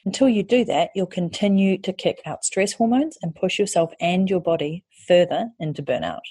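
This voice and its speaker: A woman's voice: on the low side, lively intonation, normal speed, mellow, slightly rough, no room sound. A woman hosting a podcast, giving candid advice in a chatty way that includes casual swearing. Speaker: podcast host and online course creator.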